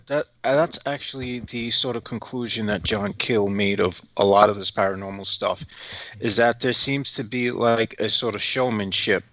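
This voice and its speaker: Man, bright crisp voice, dry close sound, reflective measured commentator. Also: mid-range voice, dry recording, low-quality recording. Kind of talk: casual livestream chat.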